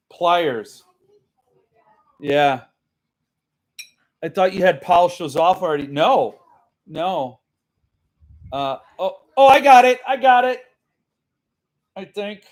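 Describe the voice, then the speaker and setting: Male host, casual live chat, unhurried and self-deprecating, slightly higher voice. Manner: rambling, self-mocking, laughs often.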